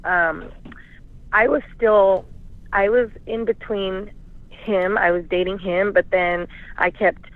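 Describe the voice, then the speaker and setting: A woman's voice: medium pitch, fairly even intonation, slow pace, long pauses. A woman calling in to a radio show, rambling through her story and acting out both sides of arguments over the phone. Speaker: caller. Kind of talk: emotional call-in confession. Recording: tinny phone line, dry.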